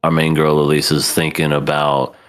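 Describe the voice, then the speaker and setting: A man's voice: very deep voice, completely flat delivery, moderate pace. A man co-hosting an anime podcast, chatting casually, laughing often and acting out characters' lines. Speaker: podcast co-host. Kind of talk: casual anime review chat.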